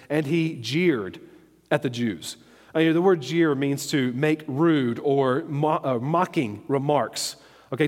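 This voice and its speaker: Male preacher, a bit high-pitched, conversational Bible teaching, long hall reverb. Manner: conversational, checks in with "okay?" and "all right?".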